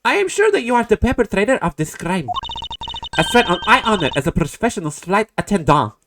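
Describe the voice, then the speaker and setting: A stern, haughty stewardess played by a man speaks in a raised, lively voice. Every word comes out formal and officious. Game music plays behind her. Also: sits high, a little fast, voice pushed up. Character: prim, stern professional woman flight attendant.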